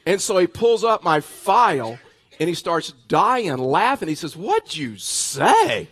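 Male pastor, sermon delivery, a touch high-pitched, lively anecdotal preaching with restarts. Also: a little slow. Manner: animated storytelling with bursts of laughter; repeats words and restarts phrases.

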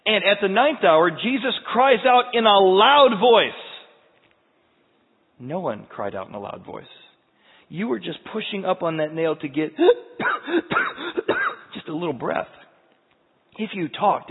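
A man preaching a sermon dramatically, dropping to a hush and then rising to loud cries. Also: a little high, husky. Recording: tinny phone-like sound in a reverberant hall.

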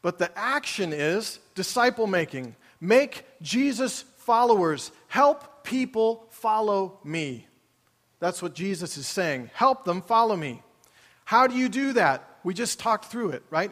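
A man preaching a sermon in a high voice, talking casually with his congregation and asking them questions. His voice rings out in a large auditorium with a long reverb tail. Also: a bit bright. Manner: conversational, asks the congregation questions. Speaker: pastor.

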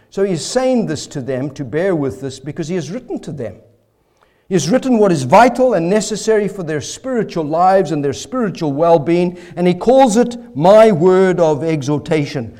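A man's voice: on the high side, expressive, moderate pace, mellow. A male preacher giving an expository sermon, earnest and emphatic, asking rhetorical questions.

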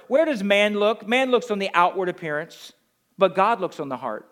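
A pastor from the Northeastern US with a New Jersey accent, preaching a sermon with emphatic rhetorical questions. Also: male voice, sits high, a little fast, fairly bright tone.

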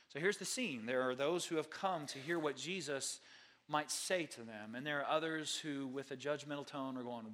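A man's voice: medium pitch, normal speed, fairly bright tone. A man preaching a sermon, reading scripture and then questioning the congregation with rising energy. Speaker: pastor.

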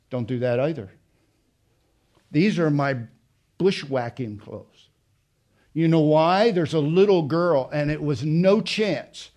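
Passionate slow-preaching pastor, higher voice. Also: male voice. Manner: passionate preaching, swings from loud to hushed. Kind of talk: sermon.

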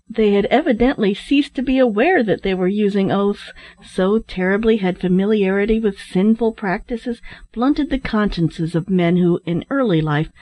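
A woman's voice: mid-range voice, warm tone, no room sound. Woman reading a storybook steadily. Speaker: audiobook narrator. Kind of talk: storybook narration.

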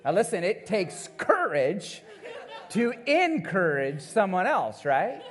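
A man preaching a sermon, telling a family story in a playful, animated way and checking in with the congregation as he goes. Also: sits high, slow. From Missouri, USA. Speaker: pastor.

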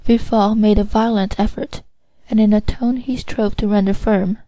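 A woman narrates an audiobook in a steady, measured way. Her voice is mellow and warm, recorded dry and close. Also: mid-range voice, dry recording, poor audio.

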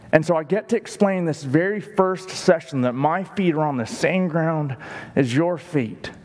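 This pastor's voice is a little high and darkish in tone, heard with long hall reverb. He preaches emphatically, elongating words and changing pace to underline what matters.

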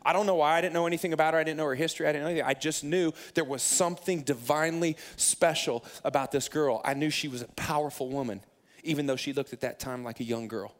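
A man in his thirties preaches with a slightly high voice and an animated, self-mocking manner. He tells a personal story from the pulpit and acts out what he once said to himself and others. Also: fast talker. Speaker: pastor. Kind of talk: sermon storytelling.

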